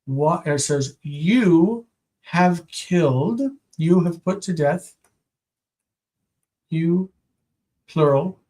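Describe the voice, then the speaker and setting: A man teaching Hebrew grammar in a live stream, slow and patient, repeating each word several times. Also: a little high, warm tone.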